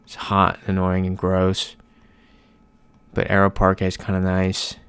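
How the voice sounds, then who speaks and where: A man's voice: low voice, monotone, measured pace, a bit bright, clean tone, dry recording. A young American man chatting casually on a live stream, reading out chat messages as he plays. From United States.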